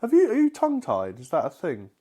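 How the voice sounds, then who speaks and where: Brief: male podcast co-host with a lively, swooping voice, sits a little high, teasing and needling in casual chat. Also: fast, husky.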